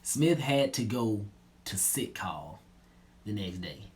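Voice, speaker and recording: A young man telling a personal story in a relaxed, slangy way, often trailing off low and quiet. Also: takes it slowly. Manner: laid-back slangy retelling, drops low and quiet at line ends. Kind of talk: casual storytelling.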